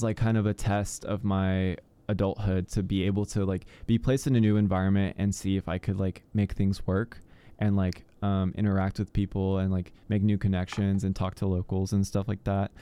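A young man co-hosting a radio show, his voice low and smooth. He talks in a loose, rambling way, with "like" in almost every line. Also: dark tone. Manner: rambling, heavy with "like" fillers. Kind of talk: casual radio chat.

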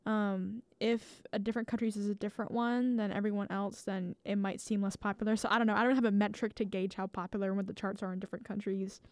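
An American woman hosts a music show in a loose, rambling chat full of "like" and restarts. Her voice is smooth and clean. It sits close and dry on the mic. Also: medium pitch, little pitch movement, quick pace, few pauses, darkish tone, dry recording. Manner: chatty and rambling, many likes and restarts. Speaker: radio show host.

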